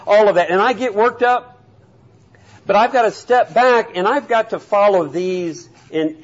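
Older man, sermon, earnest scripture reading, lo-fi muffled audio. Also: sits high. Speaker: preacher.

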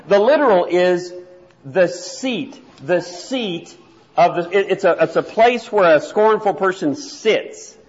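A man's voice: high-pitched, lively intonation. Man teaching a Bible class in a hall. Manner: conversational, repeats words, reads verses slowly. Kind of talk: church class lecture. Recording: dull sound, long reverb in a hall.

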